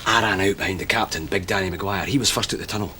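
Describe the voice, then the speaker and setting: A wry Glasgow storyteller. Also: male voice, deep voice, rapid-fire, bright, forceful tone, a little hiss or hum. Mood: wistful. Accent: Glaswegian. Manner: wry, storytelling, dry wit. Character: wry middle-aged Glasgow man, a born raconteur. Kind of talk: TV comedy drama acting.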